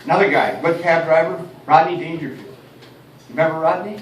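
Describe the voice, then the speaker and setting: A stand-up comedian from Detroit delivers a chatty, self-deprecating routine, chuckling at his own jokes. His voice is on the high side and a little fast. The recording is roomy with a distant mic, faint ambience, and a slight hiss or hum.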